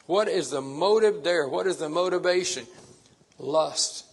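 A man's voice: on the high side, moderate pace, vocal fry, husky. A man preaching a sermon, stressing his points by repeating phrases.

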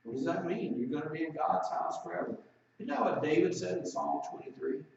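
A man delivers a sermon in a raised-pitch voice, stretching out scripture passages for emphasis. The sound is heavily echoey and picked up from a distance. The recording is dull and lo-fi. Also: very animated, vocal fry, darkish tone. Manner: preaching with emphatic, drawn-out scripture reading. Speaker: preacher. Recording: roomy echo, distant mic, dull lo-fi sound.

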